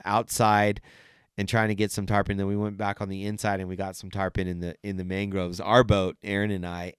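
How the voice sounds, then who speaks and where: A man hosting a podcast, talking in a rambling, excited way, swearing often and laughing between stories. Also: lowish voice, clear, resonant tone, no room sound, clean studio sound. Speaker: podcast host. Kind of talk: casual chat.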